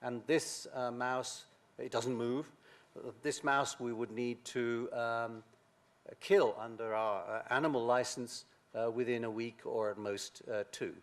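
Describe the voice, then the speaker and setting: An older man giving a science lecture, halting, with many pauses and restarts. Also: medium pitch, level tone. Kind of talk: academic lecture.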